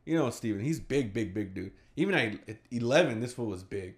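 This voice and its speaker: A young man telling a story casually among friends, animated and swearing, acting out the quotes. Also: medium pitch, brisk.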